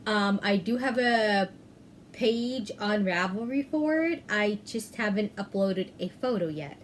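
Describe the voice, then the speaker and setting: A chatty woman hosts a knitting podcast, talking at an unhurried, slow pace. She often pauses on "um" and corrects herself as she goes. A faint background noise sits under her voice. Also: mid-range voice. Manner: chatty, self-correcting, frequent "um". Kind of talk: casual chat.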